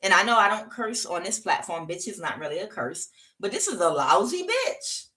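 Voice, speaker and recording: A woman's voice: mid-range voice, very animated, normal speed, pushed and bright. A woman giving a casual tarot reading, talking bluntly with many fillers and frequent "okay?" check-ins. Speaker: tarot reader.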